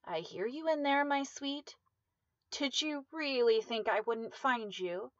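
A woman's voice: a little high, lively intonation, slow, dry recording, muffled recording, pitched above the performer's own voice. A woman voicing a menacing, possessive man who taunts in a mock-sweet way. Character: menacing, possessive man, cooing then angry.

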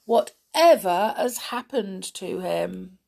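Eager little boy in a storybook, woman reading, lively. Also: mid-range voice, slow pace, vocal fry, full character voice. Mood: alarmed.

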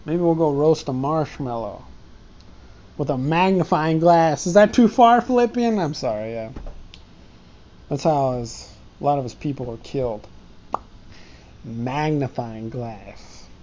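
A man's voice: medium pitch, slow, long pauses, warm tone, muffled recording. A man talking to his pet ant in a casual, meandering stream-of-consciousness monologue, often breaking off and chuckling.

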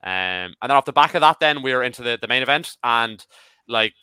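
A man of about thirty chatting as a podcast panelist, excitable and swearing casually. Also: mid-range voice, fairly quick, clear, resonant tone, no room sound. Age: 30s. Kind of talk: casual chat.

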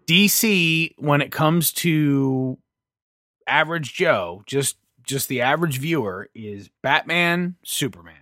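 A man's voice: on the high side, expressive, slow, bright, forceful tone, no echo, studio quality. A man co-hosting a podcast, arguing his point casually with many restarts. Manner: argumentative, talks in restarts and rants. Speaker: podcast co-host.

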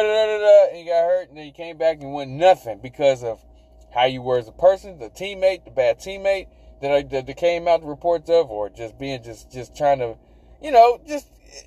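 A man hosting a sports talk podcast, talking in a loose, rambling way that jumps around in pitch and keeps doubling back on itself. His voice sits fairly high for a man but sounds mellow and warm, recorded close and dry with no room around it. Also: dry recording, low-quality recording. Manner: animated, rambling, repeats himself, swears. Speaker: podcast host.

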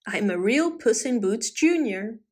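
A woman voicing a proud, excited young tomcat in a storybook. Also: a little high, unhurried, slightly rough.

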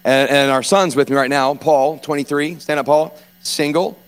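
A man in his forties from South Louisiana with a South Louisiana accent, preaching an informal, joking sermon as a guest preacher and clearing his throat often. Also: a little high, fairly even intonation, moderate pace. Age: 40s.

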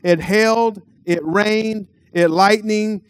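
Folksy Texan pastor, high clear voice. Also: male voice, fairly even intonation, slow, no room sound. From Texas. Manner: folksy, rambling, repeats words. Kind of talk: storytelling sermon.

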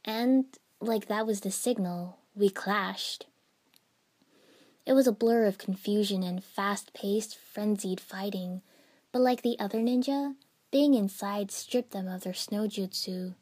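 A woman narrating a first-person fan fiction story in an even storytelling manner. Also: medium pitch, slow pace.

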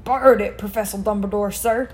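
A woman voicing a huge, soft-hearted bearded male giant with a rough, gentle manner. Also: medium pitch, steady tone, normal speed, close to an everyday voice. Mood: earnest. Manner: rough gentle gruff, tearful at times.

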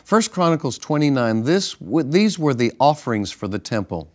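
A man's voice: medium pitch, normal speed. Pastor, male, easygoing co-host telling stories on a ministry broadcast. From northern United States. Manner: relaxed storytelling with restarts and chuckles. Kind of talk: casual ministry broadcast chat.

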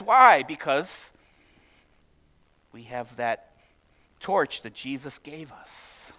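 A man's voice: high voice, pushed and bright. A male pastor preaching a sermon in a conversational, lightly humorous way, asking his listeners direct questions.

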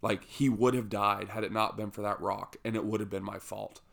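A man with a fairly low voice tells a personal story from the front of a room. He keeps it lively and self-mocking and drops in jokey asides as he goes. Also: normal speed, gravelly. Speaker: speaker telling a personal story.

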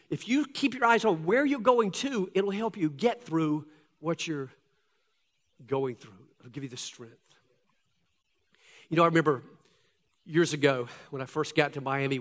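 A man preaching a sermon to his congregation, reading scripture aloud and swinging between loud, emphatic lines and hushed ones. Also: a little high. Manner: addresses congregation directly as folks. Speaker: pastor. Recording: long hall reverb.

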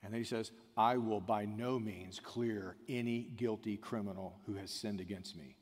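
A man's voice: lowish voice, fairly even intonation, moderate pace. Preaching man in a reverberant hall. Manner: swings from quiet and intimate to loud, shouted emphasis. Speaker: pastor. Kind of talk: sermon.

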